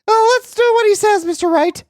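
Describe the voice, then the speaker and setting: A man voicing a bubbly young female assistant in a sing-song, teasing falsetto. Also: fairly quick, no echo.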